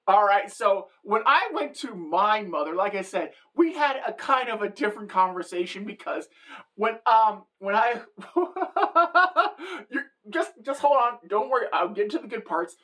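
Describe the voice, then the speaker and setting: A woman's voice: medium pitch, animated, normal speed, fairly bright tone. Brash, sassy middle-aged woman for a comedic vlog monologue. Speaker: satirical vlogger.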